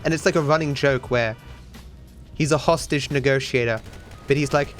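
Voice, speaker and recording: A man speaks at medium pitch and a moderate pace, with faint music in the background. He's a young Australian streamer in his twenties who talks to his chat while speedrunning, rambling loosely and swearing freely.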